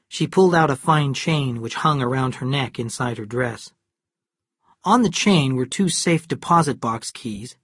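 A narrator reading a novel aloud in a steady, measured storytelling manner. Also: mid-range voice, breathy edge, no echo, studio quality. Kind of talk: scripted audiobook narration.

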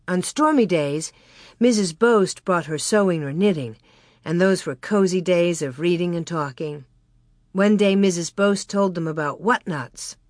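A woman narrating a children's storybook aloud in a measured storytelling manner. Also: lowish voice, no room sound, studio quality. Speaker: audiobook narrator. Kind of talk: scripted narration.

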